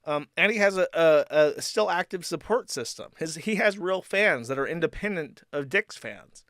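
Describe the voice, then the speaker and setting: A man's voice: a little high, lively intonation, normal speed, fairly bright tone, no room sound, clean studio sound. A man hosting a livestream, talking in a sardonic, profane, rambling way. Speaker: streamer host. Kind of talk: livestream commentary.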